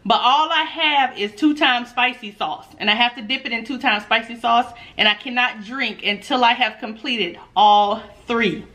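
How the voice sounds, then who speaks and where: A woman's voice: on the high side, moderate pace, hardly any pauses, pushed and bright. A woman food vlogger, chatting casually and nervously to her viewers, laughing often. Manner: nervous, giggly energy. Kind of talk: casual mukbang vlog.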